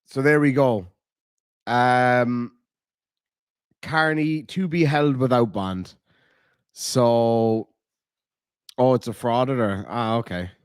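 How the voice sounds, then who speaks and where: A man's voice: mid-range voice, fairly even intonation, slow, long pauses, clean tone, dry recording, studio quality. A man hosting a casual livestream, rambling loosely, swearing freely and reading out viewer messages. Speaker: livestream host. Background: dogs nearby.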